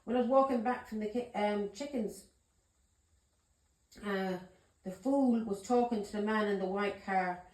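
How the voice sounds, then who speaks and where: Woman, mid pitch, tarot reader vlogging, emphatic and blunt, roomy echo on the mic. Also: unhurried, long pauses, a little mellow. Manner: emphatic, swears, keeps asking "yeah?" and "do you understand me?". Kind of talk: casual storytelling to camera. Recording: roomy echoey room.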